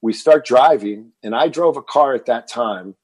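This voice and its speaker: Husky man in his fifties telling stories. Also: medium pitch, normal speed, dry recording. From Texas. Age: 50s. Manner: animated storyteller, repeats words when excited. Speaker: guest, fitness entrepreneur. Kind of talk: interview storytelling.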